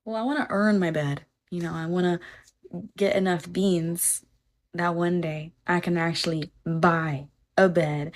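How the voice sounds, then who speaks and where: A woman's voice: lowish voice, normal speed, darkish tone. A young woman chatting casually on a phone livestream, rambling on tangents, swearing freely and reading viewer comments aloud.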